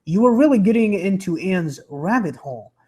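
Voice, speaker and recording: Young man, livestreamer, a bit high-pitched, sore throat, stammering, rambling, pitch wanders. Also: big pitch swings, moderate pace, warm tone, breathy edge. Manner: rambling, stammering, with many restarts; pitch fluctuates, drifting into a bouncy entertainer's voice. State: sore throat from being sick. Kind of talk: casual chat reading viewer comments.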